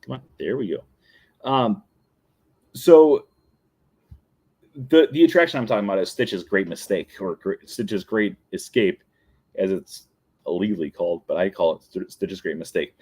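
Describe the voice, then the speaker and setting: A man's voice: low voice, expressive, normal speed, long pauses, darkish tone, husky. A man in his thirties hosting a show, telling long casual anecdotes with frequent laughs and self-corrections. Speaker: podcast host. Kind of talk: casual chat.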